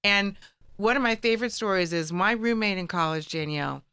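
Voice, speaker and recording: A woman's voice: medium pitch, a little fast, pushed and bright, clear, resonant tone, dry recording, clean studio sound. A middle-aged American woman telling stories as a guest in a casual chat, acting out the people she quotes. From United States. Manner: storytelling, acts out quoted voices.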